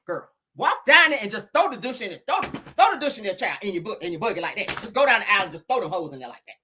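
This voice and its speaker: Loud, animated woman hosting a gossip stream. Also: on the high side, husky. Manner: loud, animated, laughing a lot, Southern Black vernacular slang. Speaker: gossip show host. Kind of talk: live-stream gossip commentary.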